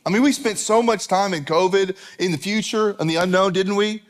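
A man's voice: high voice, moderate pace, hardly any pauses. A man preaching a sermon as a pastor, conversational and repeating phrases for emphasis.

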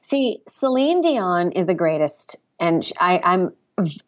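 A woman impressionist being interviewed over the phone, talking in animated, chatty bursts and correcting herself as she goes. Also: fairly low pitch, measured pace, lo-fi sound. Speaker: impressionist guest. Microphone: phone line.

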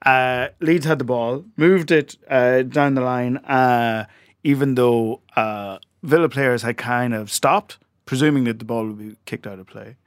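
A man's voice: mid-range voice, steady tone, unhurried, no room sound. Irish guy rambling through a story, lots of uhs, laughs a lot, dry close sound. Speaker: podcast host. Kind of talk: casual chat.

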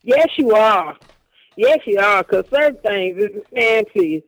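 A man co-hosting a podcast, loud and teasing, who repeats his jokes and bursts into shrieks. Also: sits high, animated, a little slow, a little hiss or hum, rough recording. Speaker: podcast co-host. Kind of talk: crude casual banter.

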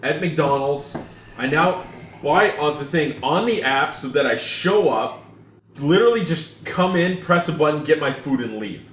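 Podcast co-host, male, slightly high voice, swearing through an annoyed anecdote, roomy echo. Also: lively intonation, a little slow, fairly bright tone. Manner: exasperated, profane storytelling with impressions. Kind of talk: casual chat, ranting anecdote. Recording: echoey room with faint noise.

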